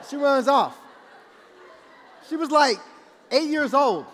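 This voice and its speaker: A preacher telling a comic story about his family, animated and dramatic, with acted-out voices. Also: extremely high pitch, slow pace, some chatter behind. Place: large event hall. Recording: reverberant large hall.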